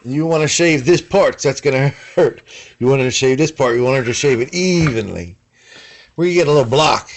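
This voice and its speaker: Speaking fairly quickly in an animated, medium-pitched voice, this guitar builder walks through guitar parts for a laid-back workshop vlog. His talk is rambling and slangy, with lines often ending in "man" or "you know what I mean."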